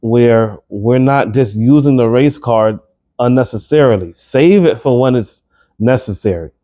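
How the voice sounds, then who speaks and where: A man's voice: medium pitch, measured pace, warm tone. A man giving his opinion straight to the camera, emphatic and incredulous, firing off rhetorical questions and repeating words as he gets worked up. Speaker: commentary vlogger.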